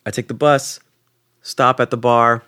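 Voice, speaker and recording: Speaking at a measured pace in a smooth voice, a young man co-hosts a podcast from a studio with no echo. He casually recounts a travel story, voicing quoted people with sudden jumps in pitch, dropping casual swears and fillers such as "like".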